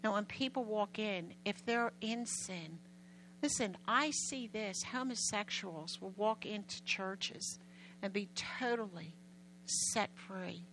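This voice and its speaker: Bright-voiced woman preaching emphatically. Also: mid-range voice, takes it slowly, slight background noise, poor audio. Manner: animated, emphatic, loud storytelling. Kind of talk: sermon storytelling.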